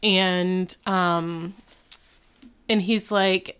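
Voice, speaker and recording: Low smooth-voiced woman retelling a show. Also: fairly even intonation, unhurried, fairly bright tone. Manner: chatty storytelling with many fillers. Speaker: podcast co-host. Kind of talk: casual recap chat.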